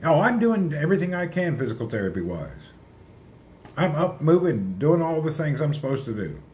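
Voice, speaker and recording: A man's voice: fairly high pitch, sing-song, moderate pace, a little mellow, slight background noise. Chatty man rambling on a livestream. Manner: rambling, chatty, answers viewer comments aloud. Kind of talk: casual livestream chat with viewers.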